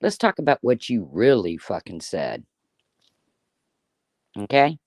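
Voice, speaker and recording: A woman's voice: rumbling low, sing-song, slow pace, a little mellow, no echo, clean studio sound. A woman in her fifties giving an angry, profane, sarcastic rant on a live stream. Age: 50s. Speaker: YouTuber.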